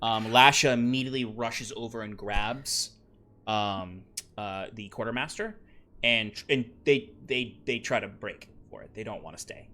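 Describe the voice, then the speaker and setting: A man running a tabletop game as game master, talking in an easygoing, halting way with many fillers and restarts. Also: fairly low pitch, bright, forceful tone.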